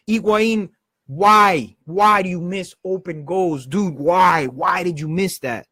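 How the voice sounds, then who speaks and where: A man hosting a live football show, ranting with passion and swearing, in fast heated bursts. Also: high-pitched, pushed and bright, no echo. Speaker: football channel host. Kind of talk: passionate live-stream rant.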